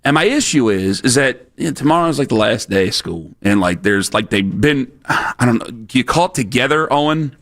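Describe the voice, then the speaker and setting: Animated, rambling sports radio host. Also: male voice, medium pitch, moderate pace, few pauses. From Ohio, USA. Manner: rambling, animated storytelling with lots of fillers. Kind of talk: casual radio banter.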